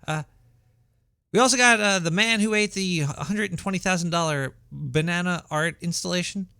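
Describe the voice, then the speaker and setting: A man voicing a paranoid cartoon rat host with a shrill voice and a Brooklyn accent, rambling conspiratorially with many stumbling restarts. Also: normal speed, gravelly, pushed and bright, clear, resonant tone, dry recording, studio quality, exaggerated voice. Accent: Brooklyn New York. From Brooklyn, New York. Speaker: podcast host. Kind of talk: rambling comedic monologue. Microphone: home setup.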